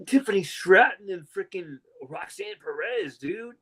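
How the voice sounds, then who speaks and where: A young man co-hosting a casual wrestling podcast, an animated storyteller who slips into mocking fake-crying voices. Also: high-pitched, measured pace. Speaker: podcast co-host.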